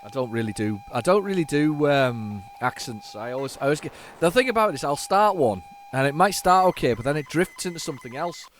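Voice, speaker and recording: A man hosting a casual retro-computing video, chatting in an excitable, rambling and self-mocking way. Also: on the high side, a little fast, few pauses, a little hiss or hum. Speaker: host.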